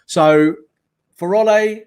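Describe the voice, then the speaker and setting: A man, a football journalist guest on a podcast, talking in an animated, emphatic way and repeating words to press his points. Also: sits high, slow, clean tone. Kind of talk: casual podcast chat.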